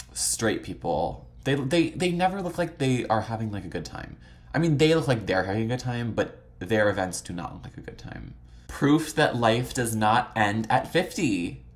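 Flipping through old photos, a vlog host chats casually at a medium pitch, gushing and swearing freely. Her talk is packed with dramatic exclamations and "like" fillers.

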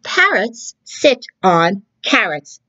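A woman voicing a bossy know-it-all cat who talks slowly and matter-of-factly. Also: medium pitch, big pitch swings, pushed and bright, muffled recording, voice pushed up, heavily acted. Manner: slow, drawn-out and matter-of-fact.

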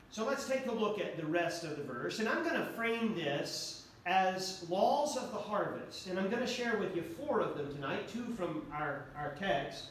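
A man preaches a sermon in a church sanctuary, his voice pitched high for a man. He talks earnestly and repeats key phrases for emphasis. The sound carries a heavy echo, picked up from a distance with a faint hiss underneath. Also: fairly bright tone. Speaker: pastor. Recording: echoey church hall from far off.

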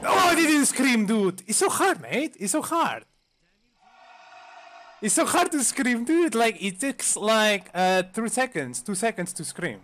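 A young man playing a multiplayer game, talking excitedly, yelling for help, cursing and saying "dude" all the time. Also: high-pitched, measured pace. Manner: excitable, yells for help, curses, says "dude" constantly. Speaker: gamer. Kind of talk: excited gaming commentary.

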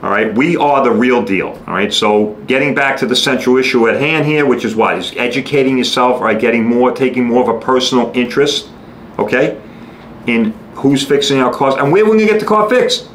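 A man's voice: mid-range voice, brisk. Middle-aged new guy ranting bluntly, swears a lot, roomy echo, bit of hiss. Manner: blunt, salesy, swears freely, keeps asking "all right?". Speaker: podcast host. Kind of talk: casual monologue. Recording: echoey room, faint background noise.

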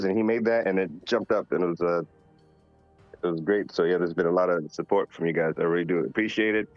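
Deep-voiced laid-back man, dull lo-fi audio. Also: dry recording. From North Carolina. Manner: laid-back, joking, reads questions aloud. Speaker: voice actor answering fan questions. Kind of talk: casual live Q&A. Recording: dull lo-fi sound with faint music behind. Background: faint music.

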